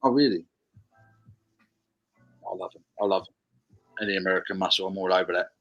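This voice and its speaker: A man's voice: deep voice, a little fast, a bit bright, muffled recording. A man hosting a casual beer livestream, reading out viewer comments and chatting about them. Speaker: livestream host.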